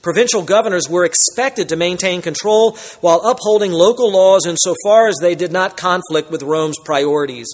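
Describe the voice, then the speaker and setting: A male preacher with a somewhat high voice, delivering a verse-by-verse sermon. He swings from loud, emphatic outbursts to hushed, solemn asides. His voice rings with a long hall reverb. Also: moderate pace, few pauses. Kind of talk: expository sermon.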